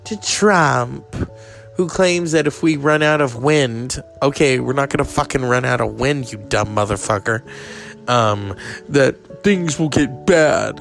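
A man's voice: mid-range voice, measured pace, vocal fry, a bit bright, soft background music. A man hosting a podcast, rambling in a crude, sarcastic casual monologue. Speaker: podcast host.

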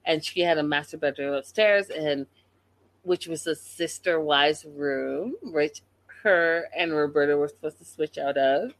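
A woman recapping a reality show in an animated, gossipy way, talking straight to her viewers. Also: deep voice, unhurried.

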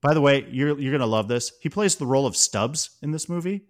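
A man's voice: mid-range voice, lively intonation, brisk. A man in an everyday mid-range voice co-hosts a movie podcast. He talks in a loose, chatty way and happily drifts into personal tangents before coming back to the film. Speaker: podcast co-host. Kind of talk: casual movie podcast chat.

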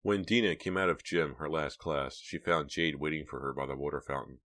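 A man narrating an audiobook with a steady, measured reading. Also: a bass voice.

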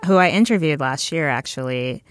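Low-voiced woman podcast host. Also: expressive, brisk. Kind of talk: podcast hosting and casual chat.

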